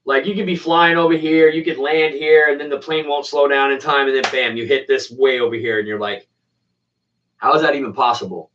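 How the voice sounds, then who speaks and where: Speaking in a brisk, slightly bright mid-range voice with fairly even intonation, this RC plane hobbyist chats with his audience and replies to viewers using relaxed slang. The audio is lo-fi, dull, and far off.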